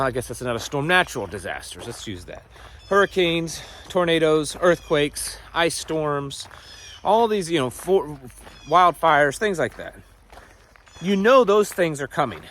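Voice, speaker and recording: Brief: male host, rambling casual monologue with an animated, swinging pitch, recorded outdoors with faint background noise. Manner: rambling, rhetorical questions, self-corrections. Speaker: homesteading channel host.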